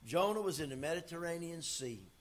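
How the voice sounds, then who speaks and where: A man preaching a sermon as pastor, folksy and emphatic, swinging from loud to quiet. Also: a little high, lively intonation, fairly quick.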